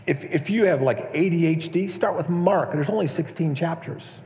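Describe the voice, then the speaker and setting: Animated pastor in an echoey hall. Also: male voice, a little high, moderate pace, faint music behind. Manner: conversational, animated, acts out prayers in a mock-pompous voice. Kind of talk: sermon. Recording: echoey hall, long reverb.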